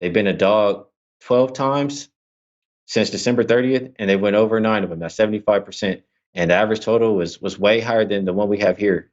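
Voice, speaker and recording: A man on a betting panel casually giving his pick, with a few halting restarts. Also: lowish voice, dull audio. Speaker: sports handicapper panelist.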